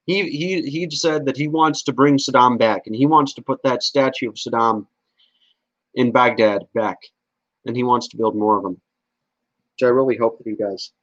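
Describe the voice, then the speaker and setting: A man's voice: mid-range voice, fairly even intonation, normal speed, a bit bright, dry recording. A man hosting a casual podcast, talking bluntly with swearing and stammered restarts. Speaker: podcast host. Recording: dull lo-fi audio.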